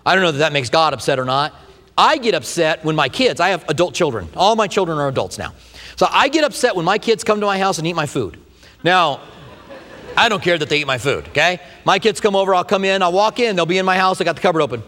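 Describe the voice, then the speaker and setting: A man in his fifties preaching a sermon, folksy and animated, with homey stories, humor and slow, stressed phrases. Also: fairly high pitch, big-room sound. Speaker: pastor.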